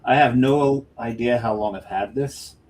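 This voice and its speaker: A man's voice: mid-range voice, measured pace, darkish tone. A man co-hosting a casual beer podcast, chatting in an easygoing way. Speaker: podcast co-host. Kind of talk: casual chat about craft beer.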